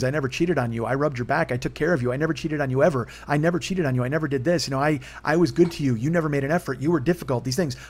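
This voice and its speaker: Alone and confessional, a man in his forties tells a personal story in a rambling, candid way. His voice is medium-pitched with a darkish tone, and it jumps up as he gets worked up.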